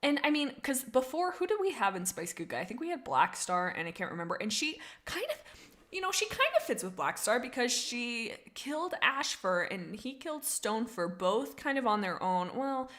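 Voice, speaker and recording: A young woman in casual livestream chat, thinking out loud and answering her chat. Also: a little high, very animated, normal speed. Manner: chatty, reads chat messages aloud, thinks out loud. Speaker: streamer.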